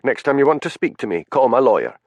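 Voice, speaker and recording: A man's voice: medium pitch, sing-song, fast talker, no echo, pitched above the performer's own voice. A man voicing a haughty, defensive middle-aged actress in an audiobook, with clipped, indignant speech.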